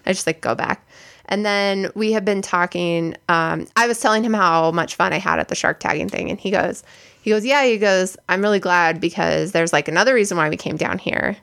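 A woman's voice: on the low side, a little fast, gravelly, a bit bright. A young woman co-hosting a podcast, telling a story in casual chat, full of "like" fillers. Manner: chatty, many "like" fillers. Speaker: podcast co-host.

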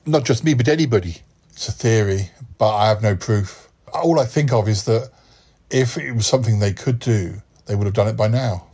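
Soft husky man chatting calmly. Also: lowish voice, normal speed. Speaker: podcast host. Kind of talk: casual chat.

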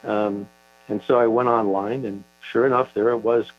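An older man talks through a story in a thoughtful, halting way, pausing on fillers as he goes. The recording is dull and lo-fi, with a low mains hum underneath. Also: steady tone. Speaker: author being interviewed. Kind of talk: conversational interview.

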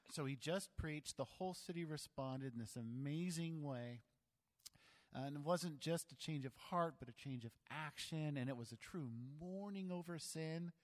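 A man preaches to his church, animated, slipping into playful voices and poking fun at himself. His voice sits a little high for a man. The sound carries a long reverb from the hall. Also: normal speed. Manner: animated, acts out voices and jokes about himself. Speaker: pastor. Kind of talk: sermon.

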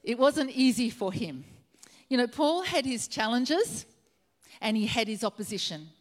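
A woman's voice: fairly high pitch, sing-song, a little slow. A woman preaching a sermon, retelling a story earnestly and repeating her key phrases for emphasis.

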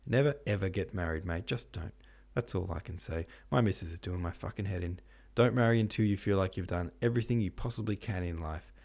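A man's voice: low voice, a little fast, creaky, hardly any pauses, a little mellow. A man voicing a curt, irritable young prince who swears casually. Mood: bitter.

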